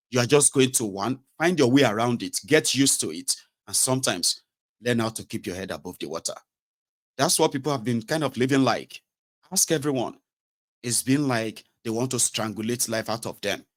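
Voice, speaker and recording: A man with a Nigerian accent giving impassioned political commentary, sarcastic and indignant, slipping into Pidgin and Yoruba phrases. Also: lowish voice.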